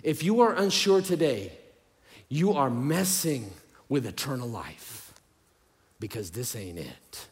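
A man preaching a sermon in a church, animated and humorous, using casual slang and swinging from loud outbursts to hushed near-whispers. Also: mid-range voice, slow. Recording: long hall reverb.

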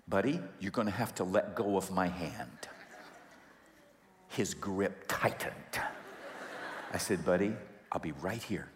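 A man's voice: low-pitched, takes it slowly, pauses often, a little hiss or hum. A man in his thirties, a pastor, preaching a sermon and acting out a family story. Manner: animated storyteller acting out dialogue. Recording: echoey hall with long reverb.

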